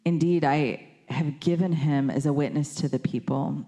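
A woman preaches in a low, mellow voice. Her talk is conversational and full of fillers, and she acts out quoted lines with lively shifts in voice. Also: moderate pace. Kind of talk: sermon.

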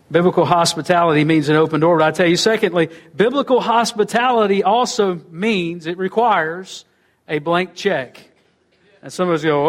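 A man preaches a sermon in a fairly high voice. He pushes phrases up and loud, then lets them sink low and soft at the ends. His delivery rolls between quick storytelling and slow, weighty lines. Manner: preaching with wide swings in pitch and loudness, dropping low and quiet at phrase ends. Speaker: pastor.

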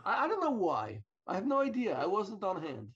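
A man's voice: high-pitched, huge pitch swings, a little fast, over a noisy crowd. A man from Israel co-hosting a wrestling podcast, who stammers a little and cracks dry quips in casual chat. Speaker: podcast co-host. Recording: dull lo-fi mic.

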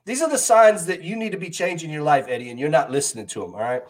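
A man's voice: a little high, fast. A man co-hosting a comedy podcast, teasing his friend in a mock-preachy way. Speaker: podcast co-host. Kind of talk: casual comedic banter.

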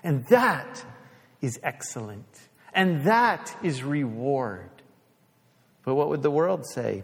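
A man preaching a sermon as pastor, emphatic, putting questions to the congregation and dropping his voice low to stress a point. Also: sing-song, slow pace, vocal fry, slightly rough, in a large hall.

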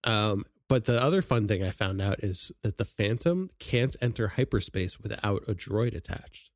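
A man's voice: on the low side, expressive, moderate pace, no room sound, clean studio sound. A man co-hosting a casual podcast, sharing trivia and laughing often. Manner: chatty, shares trivia with frequent laughs. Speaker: podcast co-host. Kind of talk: casual chat.

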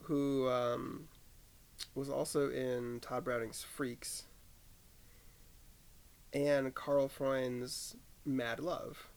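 A man's voice: medium pitch, little pitch movement, extremely slow, gravelly, long pauses. A man co-hosting a podcast in casual chat, laid-back and often trailing off with a laugh. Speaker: podcast co-host.

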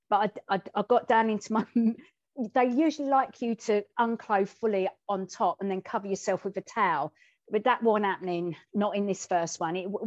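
A woman co-hosting a conversational podcast, telling a personal story in a candid, lively way and acting out the lines she quotes. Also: mid-range voice, dry recording. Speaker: podcast co-host. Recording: dull, dry and muffled.

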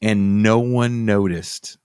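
Podcast host, man with a very low voice, sardonic and casual, dry close sound. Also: fairly even intonation, slow pace, darkish tone, smooth, no echo. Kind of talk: casual storytelling.

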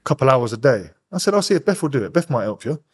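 A young man, a podcast guest, bluntly retelling events with heavy swearing and animated energy. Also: medium pitch, rapid-fire, slightly rough. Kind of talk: casual interview storytelling.

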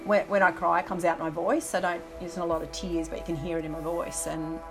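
Candid woman, lowish voice. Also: little pitch movement, fast talker, over music. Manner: candid, reflective, with frequent restarts and ums. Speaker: former navy helicopter pilot. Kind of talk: interview, personal recollection.

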